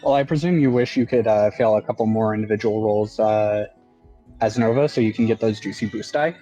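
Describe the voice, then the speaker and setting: A man chatting over voice chat while gaming, halting and hesitant with many fillers. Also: on the low side, mellow. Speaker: stream co-player. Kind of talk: casual voice-chat banter. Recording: dull lo-fi mic, faint music.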